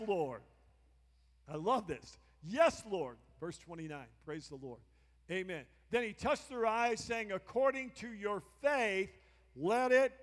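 A man's voice: high voice, fairly bright tone, big-room sound. A male pastor preaching a sermon, emphatic and repetitive, often prompting the congregation to answer. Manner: emphatic preaching with repeated call-and-response prompts. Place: church sanctuary.

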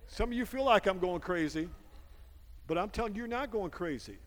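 A man's voice: high-pitched, lively intonation, quick pace. A man preaching a sermon as pastor, exhorting his congregation with frequent amens and call-and-response. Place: church sanctuary during a service. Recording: long hall reverb with music behind.

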